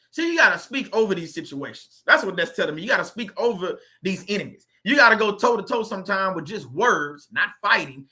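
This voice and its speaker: A lively man with a high voice preaches casually as the host of a YouTube faith channel. He talks like a conversational preacher, repeating phrases and reading scripture slowly in an informal mix of preaching and reading.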